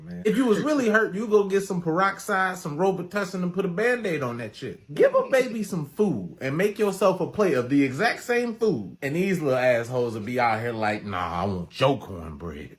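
A man doing an exasperated comedic rant in a short clip, mocking as he slips into little put-on voices. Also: high-pitched.

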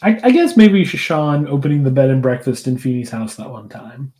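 A man co-hosting a podcast, chatting casually, laughing often and sharing quick opinions. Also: mid-range voice, sing-song, dark tone, a little hiss or hum. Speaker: podcast co-host. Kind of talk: casual chat.

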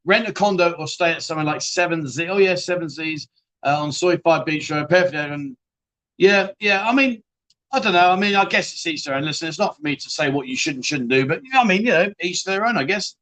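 Running a live-stream chat show, this man rambles casually, talking bluntly, swearing freely and often restarting sentences as he answers viewers. His voice is a bit higher than most men's, brisk and slightly bright.

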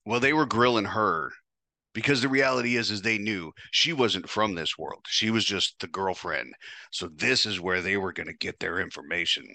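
A man's voice: deep voice, normal speed, sharp tone, dry recording. A man hosting a podcast, telling a first-person story in a casual, profane, wry way. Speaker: podcast host.

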